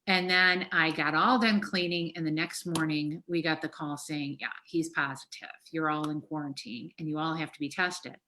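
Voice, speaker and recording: A woman's voice: low voice, steady tone, moderate pace, hardly any pauses, pushed and bright, slight background noise. A middle-aged woman therapist talking frankly and emotionally on a podcast, swearing freely. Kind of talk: casual podcast conversation.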